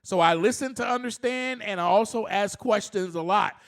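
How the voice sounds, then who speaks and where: A man's voice: sits high, moderate pace, a bit bright. A man hosting a solo self-help podcast, speaking earnestly, often laughing, and rising to passionate emphasis. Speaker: podcast host.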